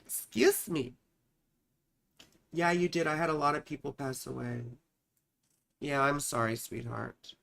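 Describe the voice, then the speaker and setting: A woman astrologer hosts a live stream, reading viewers' charts in a chatty, affectionate way and calling them sweetheart and darling. She thinks aloud while searching for charts, her low, creaky voice moving at a measured pace with frequent pauses.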